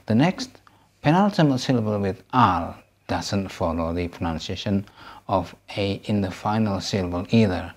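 A man with an Indonesian accent, Javanese by birth, hosting his own channel and teaching pronunciation in a measured, explanatory way, walking through lists of example words. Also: fairly low pitch, expressive, gravelly, a little mellow. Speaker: language teacher, channel host. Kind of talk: scripted lesson narration.

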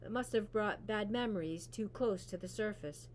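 A woman reading a novel aloud in a steady, even narration. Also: mid-range voice, moderate pace, a little hiss or hum. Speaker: reader. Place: school library.

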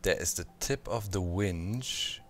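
Deep, slow-talking man playing a game. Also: fairly bright tone. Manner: chatty, thinking aloud, sound effects. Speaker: gameplay channel host. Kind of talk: casual let's-play commentary.

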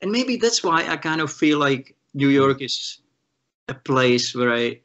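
A man from the Czech Republic, a guest guitarist, telling animated stories in an interview and acting out the voices of the people he quotes, with many restarts. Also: medium pitch, a little slow, muffled recording. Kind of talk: storytelling in an interview.

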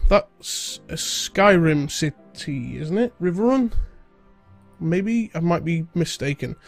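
A young man hosts a casual gaming let's-play, his voice thick and stuffy from a cold. He chats and rambles easily, sitting on the higher side of the usual male range. The sound is dry and close, with faint music playing underneath. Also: vocal fry, a little mellow, no echo. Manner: chatty, rambling, British-sounding slang. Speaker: gaming video host.

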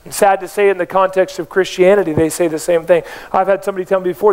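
A man's voice: high voice, steady tone, quick pace, hardly any pauses, darkish tone. A man preaching a sermon as pastor of a church, emphatic, with rhetorical questions to the congregation.

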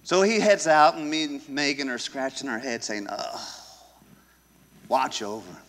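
A man's voice: medium pitch, measured pace, a bit bright, a little hiss or hum. A man pastor preaching a sermon in a church, telling a story and driving home his points with emphasis. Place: church sanctuary. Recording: echoey church hall.

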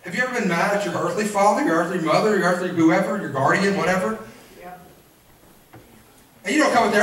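With crowd noise around him, a male preacher with a high-pitched voice speaks briskly but leaves long pauses, repeating phrases and drawing responses from the congregation. The sermon is captured from a distance in an echoey church sanctuary.

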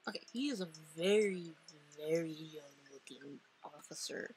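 A woman's voice: sits low, lively intonation, measured pace, darkish tone, slight background noise, rough recording. A woman playing a visual novel, reading its lines aloud and chatting about them in a rambling, playful way. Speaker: let's play narrator.

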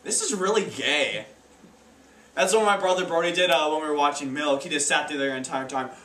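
With a fairly high, steady, fairly bright voice, a teenage stand-up comedian rushes through his amateur set. Fillers and stumbles make it awkward, and the recording, made from a distance, carries room echo.

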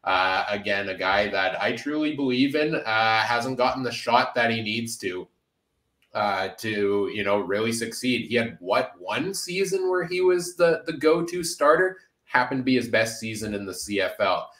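A man's voice: fairly low pitch, lively intonation, normal speed, a bit bright, reverberant. A man hosting a casual sports podcast, upbeat and full of filler uhs. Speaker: podcast host.

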